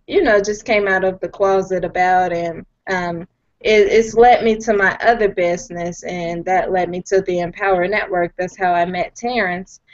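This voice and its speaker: Woman, 20s, from chicago, hesitant, lots of ums, muffled lo-fi call audio. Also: medium pitch. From Chicago, USA. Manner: hesitant with many "um"s, self-joking. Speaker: guest panelist. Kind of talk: personal story on a call. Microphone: video call.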